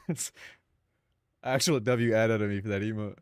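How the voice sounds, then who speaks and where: A man's voice: fairly low pitch, unhurried, smooth, dry recording, studio quality. Rambling, profane young man streaming. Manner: rambling, profane, talks to himself and chat. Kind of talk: casual live-stream chat.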